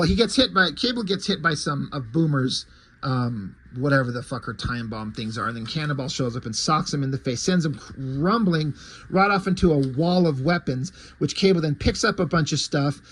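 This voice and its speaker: A man's voice: on the high side, normal speed, fairly bright tone. A man casually recapping and reviewing a comic book, sarcastic and swearing freely. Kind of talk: casual chat.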